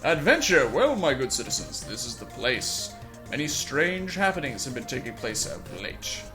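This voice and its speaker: A man's voice: mid-range voice, very animated, normal speed, natural voice. A man voicing a male king holding court, grand and declaiming, over background music.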